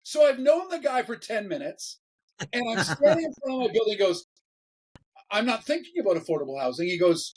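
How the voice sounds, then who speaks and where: A man, a pastor, telling a story in a casual interview, animated, often repeating words and laughing as he talks. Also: high voice, a little fast, breathy edge, low-quality recording.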